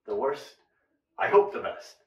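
A man's voice: measured pace, a little mellow, distant mic, muffled recording. A man teaching an English lesson to Japanese learners, mixing English and Japanese, upbeat and stretching words for emphasis. He is heard in an echoey room, a bit back from the mic. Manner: mixes English with Japanese explanations.

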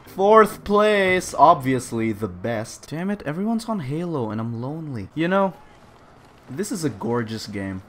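A young man talking over his gameplay with a bouncy, lively pitch that rises and falls. He is sarcastic and mock-boastful and swears often. His voice sits in a medium range, with a faint hum of noise behind it. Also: moderate pace. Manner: animated, sarcastic, swears freely; mock-boastful, jokes about himself. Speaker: gaming video creator. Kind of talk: live gameplay commentary.

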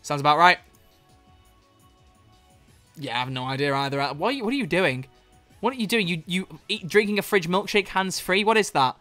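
A streamer giving excitable live commentary on a drawing game, swearing freely and breaking into loud laughter. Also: medium pitch, brisk, long pauses, faint music behind.

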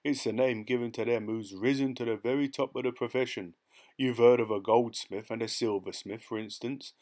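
A man's voice: medium pitch, fairly even intonation, normal speed, darkish tone, lightly acted. A man voicing a sly, boastful male pickpocket, talking in a cocky, streetwise way.

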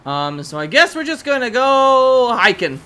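A woman casually commenting as she plays a video game, chatty and excitable, shrieking at sudden scares and coaxing a pet in baby talk. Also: on the high side, measured pace. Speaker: gaming video host. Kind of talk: casual let's-play commentary.

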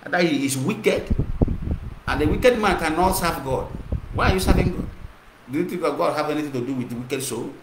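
A man's voice: on the high side, lively intonation, fairly quick. A man with a Nigerian Igbo accent giving an impassioned monologue, mixing English and Igbo and repeating himself. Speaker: activist broadcaster. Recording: echoey room with clear noise.

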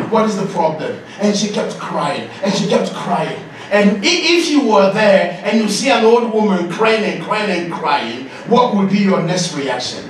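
A leadership coach with a high-pitched voice gives a lively masterclass to a live audience, joking, laughing and sometimes shouting. The mic is distant, so his voice echoes around a large hall with noise in the background.

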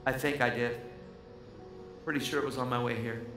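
A man's voice: medium pitch, fairly even intonation, normal speed. A man preaching a fervent, emphatic sermon and telling a story to the congregation. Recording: echoey hall with music.

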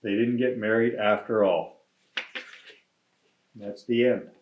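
A man, a mayor, reading a children's picture book aloud in a gentle, friendly storytelling manner. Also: on the low side, little pitch movement, takes it slowly, a little hiss or hum. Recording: echoey room, dull lo-fi sound.

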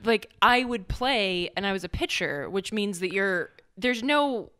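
A woman's voice: medium pitch, animated, measured pace, bright, forceful tone, clear, resonant tone. A woman co-hosting a podcast in casual chat, rambling and self-mocking, with plenty of swearing. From North Carolina. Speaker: podcast co-host.

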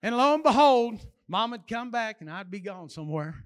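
A man's voice: high voice, big pitch swings, moderate pace, smooth. An older man preaching a sermon in a church, in a folksy, emphatic way and with plain everyday phrasing.

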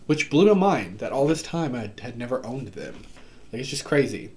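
A man talks casually and eagerly about new books, his voice in an ordinary middle pitch. He rambles with fillers and quick asides. It sounds like a home video recorded on a camera mic. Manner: chatty and excitable, many fillers and asides. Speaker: book vlogger. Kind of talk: casual book haul chat. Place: home room.

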